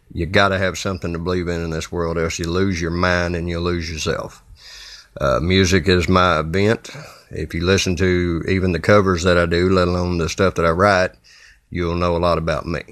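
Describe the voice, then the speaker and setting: A man with a Southern Kentucky accent, and his voice sits low and deep. He rambles through a solo podcast in a blunt, folksy way, with plenty of uhs and jokey asides. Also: fairly bright tone, no room sound, clean studio sound. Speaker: podcast host. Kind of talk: casual solo podcast monologue.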